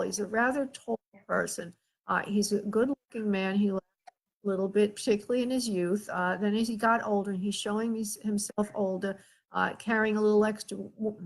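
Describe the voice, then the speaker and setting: A woman hosting a show as a spirit medium, giving a live reading in a gentle, soothing way and often checking that the caller understands. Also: mid-range voice. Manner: hesitant, with frequent filler sounds and restarts.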